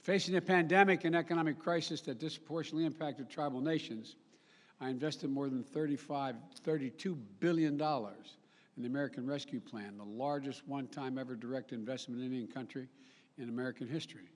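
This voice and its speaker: A man's voice: mid-range voice, steady tone. Older man speaking in a big echoing hall. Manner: halting, with frequent restarts and self-corrections. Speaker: president giving a speech. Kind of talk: formal public speech with folksy asides. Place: large summit venue. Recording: long reverb of a big hall.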